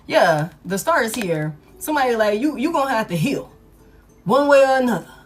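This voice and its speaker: A woman tarot reader gives a casual monologue in a fairly high voice with big pitch swings, talking a little fast. She's blunt and profane, hammering points home through emphatic repetition.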